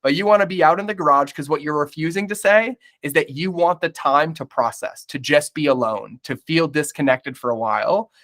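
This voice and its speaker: A man's voice: fairly high pitch, brisk, few pauses, a bit bright. A man talking candidly as a podcast guest, blunt and emphatic, swearing often and calling the listener "bro".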